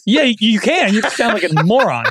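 A man's voice: sits high, very animated, a little fast, a bit bright, breathy edge, no echo, studio quality. A man co-hosting a podcast, telling easygoing, self-mocking anecdotes in casual chat. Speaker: podcast co-host.

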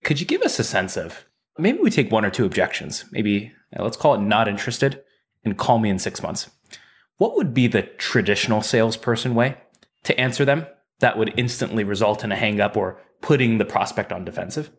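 A podcast host with a lowish male voice. He asks questions in a casual, rambling way, joking between them. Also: sing-song, brisk. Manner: chatty, loose rambling questions.

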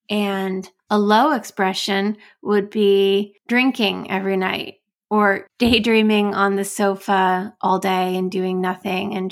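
An American woman hosting a solo podcast as an astrologer and coach, talking casually with playful asides and frequent self-interruptions. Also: mid-range voice.

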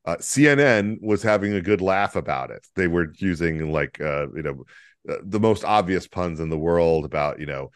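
A man's voice: deep voice, lively intonation, normal speed, no echo, clean studio sound. A man co-hosting a casual podcast, rambling with many fillers and restarts and chuckling as he goes. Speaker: podcast co-host. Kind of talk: casual political comedy chat.

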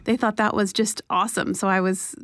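A woman's voice: medium pitch, level tone, brisk, fairly bright tone. A woman appearing as a guest on a radio show, telling a story in a chatty way. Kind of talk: casual radio chat.

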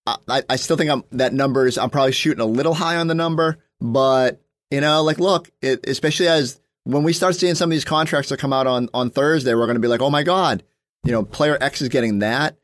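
A man in a casual podcast chat, working things out aloud with many restarts and fillers. His voice sits at an ordinary pitch, and the close mic leaves almost no room sound. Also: fast, no room sound. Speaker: sports reporter guest.

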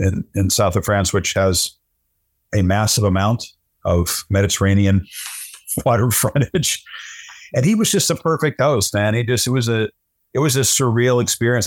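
A man's voice: lowish voice, no echo, studio quality. A middle-aged man, a sportscaster guest, telling stories in casual conversation and often repeating words as he starts sentences.

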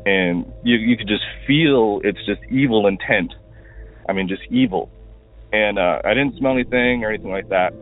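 A man's voice: lowish voice, normal speed, soft background music. A man from Washington State calling in to tell a rambling story, full of fillers, as a recorded voicemail. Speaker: caller. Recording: tinny phone line.

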